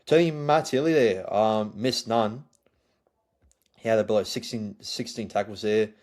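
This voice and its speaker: A man hosting a solo sports review podcast, talking in a halting way with many fillers and restarts. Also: lowish voice, a little mellow. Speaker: podcast host.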